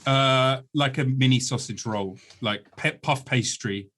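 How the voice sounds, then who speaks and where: A man from the United Kingdom hosting a relaxed podcast conversation. He speaks at a mid pitch and in a measured way, slipping in dry, wry jokes. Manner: wry, dry humor, deliberate. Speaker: podcast host. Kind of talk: casual podcast chat.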